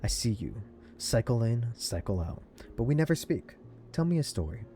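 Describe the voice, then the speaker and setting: A man reading as a booming street cook. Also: big pitch swings, normal speed, warm tone, a little hiss or hum. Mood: measured. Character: booming male street-food cook, wary and friendly. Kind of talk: reading a game character's lines aloud.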